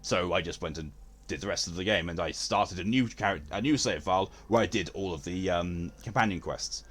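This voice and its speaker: A man's voice: sits low, fairly quick, fairly bright tone. A male streamer, chatting casually with his stream chat in a theatrical, posh-leaning way.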